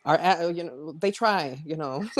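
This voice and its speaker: A man's voice: on the high side, sing-song, slow pace. A man in a casual panel chat, speaking reflectively and hesitantly with many fillers. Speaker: podcast co-host.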